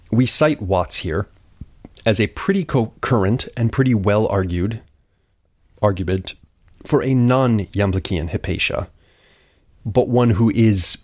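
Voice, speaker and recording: Deep-voiced man giving a dry podcast lecture. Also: a little mellow, dry recording. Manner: wry, conversational asides. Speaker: podcast host. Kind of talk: scripted lecture narration.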